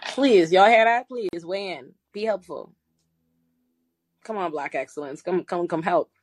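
A woman from the West Indies hosting a live call-in podcast, an attorney who talks in an animated, teasing, slangy way. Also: fairly low pitch, measured pace, slight background noise. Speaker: host and attorney.

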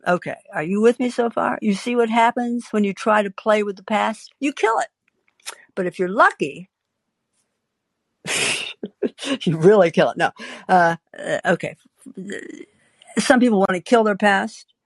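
A woman's voice: medium pitch, measured pace, long pauses, dry recording. An older woman spins a personal story in a wry, confiding voice. She stops often on small hesitant fillers. Her voice sits at a medium height, and the recording is close and dry. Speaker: podcast host. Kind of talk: storytelling monologue.

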